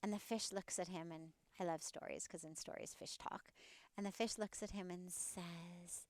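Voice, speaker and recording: A woman's voice: lowish voice, fairly even intonation, moderate pace, no echo. A woman spiritual teacher talking as a podcast guest outdoors, earnest and telling stories. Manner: warm, earnest storyteller. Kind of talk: casual interview talk and storytelling.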